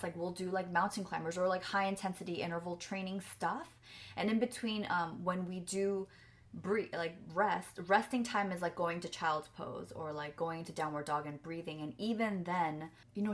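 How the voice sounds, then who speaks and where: A young woman chatting casually to camera as a vlogger, earnest and effusive, filling her talk with "like" and "you know.". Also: lowish voice. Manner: chatty, filler-heavy with frequent "like".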